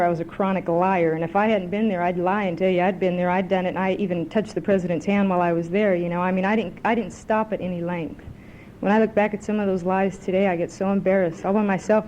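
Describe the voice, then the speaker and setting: A woman tells her story at a recovery meeting in a relaxed, mellow voice. She talks in a chatty, self-mocking way through a podium mic. A faint hiss sits under her voice. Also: lowish voice, rough recording. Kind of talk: personal recovery talk with a told joke. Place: club meeting room.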